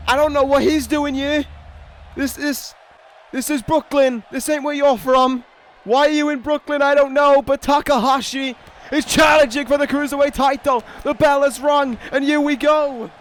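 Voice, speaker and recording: Man, high-pitched, video game play-by-play, excitable, sarcastic, casual swearing. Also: a little slow, a little hiss or hum. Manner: excitable, swings from dry sarcasm to stunned shouting. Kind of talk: play-by-play commentary over a wrestling video game.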